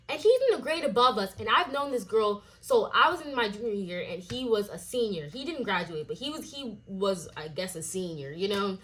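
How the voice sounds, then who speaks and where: A young adult woman telling a personal story in a casual vlog, animated and full of fillers and swearing. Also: medium pitch, moderate pace, few pauses. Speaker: vlogger.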